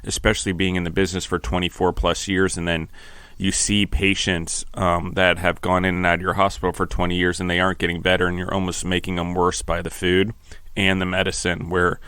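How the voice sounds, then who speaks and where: A middle-aged man talks in a very low, smooth voice with a steady, flat delivery. He is earnest and reflective, pausing and restarting his thoughts. The sound is close and dry. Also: dry recording. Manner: earnest, halting, restarts phrases, gets emotional. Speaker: podcast host. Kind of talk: reflective interview talk.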